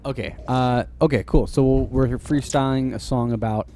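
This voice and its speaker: A man's voice: medium pitch, fairly even intonation, normal speed, dark tone, soft background music. A man co-hosting a podcast in easygoing casual chat, often murmuring agreement. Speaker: podcast co-host.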